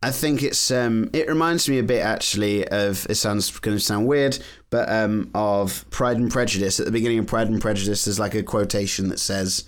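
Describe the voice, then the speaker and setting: A man's voice: lowish voice, moderate pace, hardly any pauses. A man chatting on a podcast, rambling with many restarts. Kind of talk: casual podcast chat.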